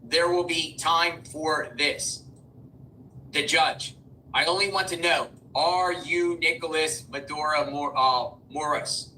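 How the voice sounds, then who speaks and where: Sharp-voiced man reading court updates live. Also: on the high side. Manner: halting, stumbles over words, excitable asides. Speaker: live-stream news host. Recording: distant mic with faint background noise.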